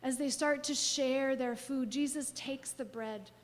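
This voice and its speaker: Woman pastor, somewhat high voice, expressive sermon storyteller who goes from lively to hushed, long church reverb. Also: unhurried. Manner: expressive, swings from lively to soft near-whisper. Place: church sanctuary.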